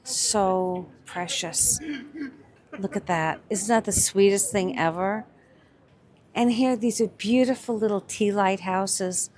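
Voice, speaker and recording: A woman's voice: medium pitch, unhurried, darkish tone. A woman giving casual, enthusiastic commentary while shopping at a winter market and admiring the crafts. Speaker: vlog co-host shopping a market.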